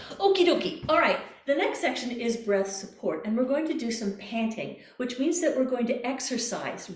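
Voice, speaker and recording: A woman's voice: medium pitch, roomy sound. A woman voice coach leading a workshop, guiding breathing exercises with playful images and encouragement. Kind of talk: online voice workshop.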